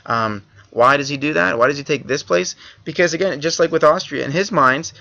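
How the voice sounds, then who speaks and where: A man's voice: a little high, brisk, creaky, sharp tone, muffled recording. A male history teacher giving a casual classroom review lecture with joking asides.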